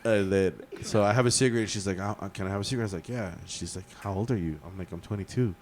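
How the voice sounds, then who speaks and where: A man's voice: fairly low pitch, racing, background noise. A man, co-hosting a podcast and telling a story in a rambling, laid-back way. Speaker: podcast co-host. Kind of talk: casual chat, storytelling.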